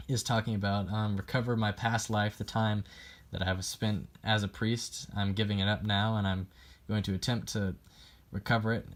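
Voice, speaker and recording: A man's voice: lowish voice, flat delivery, normal speed. A young man giving a class presentation on a poem, hesitant and full of ums, reading quotes aloud as he explains them. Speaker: student presenting a poem analysis.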